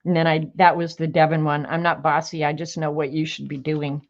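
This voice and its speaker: A woman with a low-ish voice reads sassy one-liners aloud in a chatty home video, laughing a little between them. The sound is dull and lo-fi, as if from a camera or phone mic. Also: level tone, a little fast. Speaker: crafter sharing sayings on video. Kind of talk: casual reading of sassy sayings to camera.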